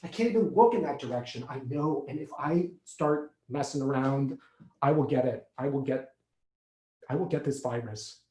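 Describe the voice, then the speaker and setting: A man playing an anxious recovering alcoholic on the phone to his sponsor, halting and stammering as he repeats himself. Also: mid-range voice, dark tone, natural voice. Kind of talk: stage monologue acting. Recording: echoey room.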